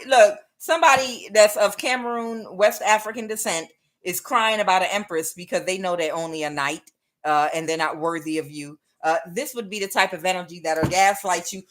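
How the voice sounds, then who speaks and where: A woman's voice: medium pitch, noisy background. Chatty middle-aged woman tarot reader. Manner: chatty, laughs often, addresses viewers as y'all. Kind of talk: casual tarot reading.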